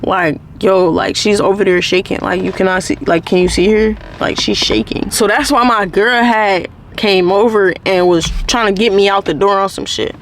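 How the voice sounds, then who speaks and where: A woman's voice: mid-range voice, fairly even intonation, normal speed, hardly any pauses, slight background noise. A woman hosting her own channel, telling a story-time tale in casual, profane slang packed with "like" fillers. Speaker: channel host.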